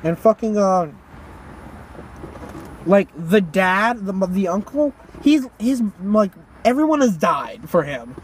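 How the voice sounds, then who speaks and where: A teenage man co-hosting a podcast, telling a story casually, swearing a lot and shouting out the lines he quotes. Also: sits high, slow, a little hiss or hum. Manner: animated, profane, acts out quotes in shouts. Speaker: podcast co-host.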